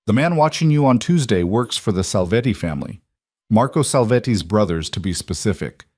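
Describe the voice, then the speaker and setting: A man's voice: fairly low pitch, lively intonation, brisk, a little mellow, no room sound, studio quality. A man voicing a serious, loyal bodyguard who speaks in a grave, formal way in an audiobook reading.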